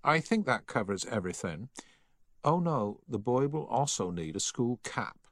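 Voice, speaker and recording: A man voices a snobbish male tailor's shop assistant who lists items fussily and formally, in a prim mood. His mid-range voice, pitched above his own natural one, is very animated, moderately paced and fairly bright, with clean studio sound and no echo.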